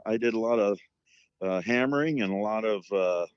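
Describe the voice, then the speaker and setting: A man's voice: on the low side, moderate pace, clear, resonant tone, no room sound, lo-fi sound. A middle-aged man and former hockey coach, chatting casually and telling long stories with lots of fillers. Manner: rambling storyteller with many fillers. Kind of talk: casual chat.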